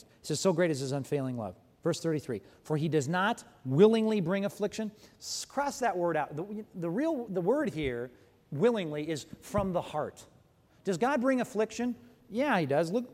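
A man with a high voice preaches a sermon, animated and emphatic, pausing now and then to correct himself. His voice rings with a long reverb, like a big church hall. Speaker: pastor.

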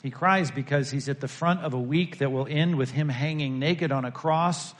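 Preaching at a normal speed in a somewhat high voice, this pastor addresses the congregation as if in conversation. His delivery swings from forceful high points to quiet, hushed moments.

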